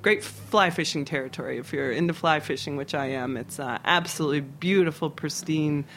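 Slight background noise accompanies a middle-aged Philadelphia man, a chef, talking a little fast in a highish voice. He's in a laid-back interview swapping stories, animated and rambling, restarting often and leaning on fillers, a native of Philadelphia, United States.

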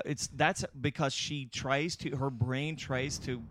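A man from Texas trades jokes in casual podcast banter. He stumbles and corrects himself mid-sentence. His talk stays relaxed and conversational. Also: medium pitch, a little slow. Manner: joking, stumbling, self-correcting.

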